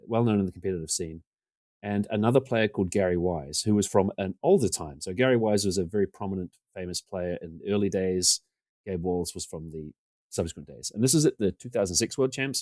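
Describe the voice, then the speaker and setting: A low-pitched man in his forties talks quickly as a podcast guest, recorded close and dry with no room sound. He is self-deprecating and gets animated when he acts out what other people said. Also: no echo. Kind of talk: casual storytelling interview.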